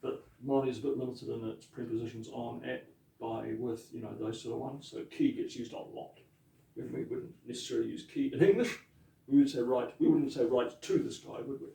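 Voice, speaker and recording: A man, a pastor teaching te reo Māori in a chatty lesson, with laughing asides and slow repeated words to drill pronunciation. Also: mid-range voice, vocal fry, dark tone, recorded from a distance. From New Zealand. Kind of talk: informal language lesson. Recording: echoey room, voice off mic.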